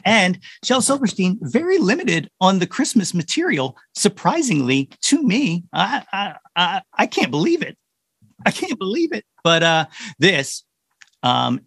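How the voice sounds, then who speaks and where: A man's voice: on the high side, gravelly, a bit bright, breathy edge, dry recording. A man hosting a casual holiday podcast, rambling and poking fun at himself, with lots of fillers. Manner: rambling and self-mocking, many fillers. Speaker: podcast host.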